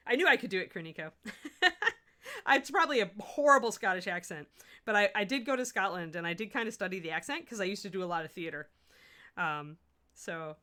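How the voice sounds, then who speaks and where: Bright-voiced woman painting on stream. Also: mid-range voice, animated, fairly quick. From Midwest US. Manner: chatty, talks while working, restarts sentences. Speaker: miniature painting host. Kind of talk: livestream painting tutorial, answering chat.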